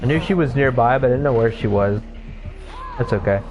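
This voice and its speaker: A man's voice: medium pitch, fairly quick, lo-fi sound. A young man chatting casually while playing a video game, rambling with lots of fillers and frequent swearing. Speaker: gaming streamer. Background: music.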